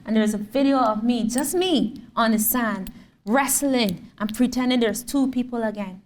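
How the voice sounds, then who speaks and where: A Barbadian woman tells her story to a lecture audience in a fairly high, bright-toned voice, acting out every exchange with energy. She is picked up from some distance in a roomy hall, with a faint hum of room noise underneath. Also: normal speed. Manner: animated storyteller who acts out the quotes in her story. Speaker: guest artist lecturer. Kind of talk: public lecture.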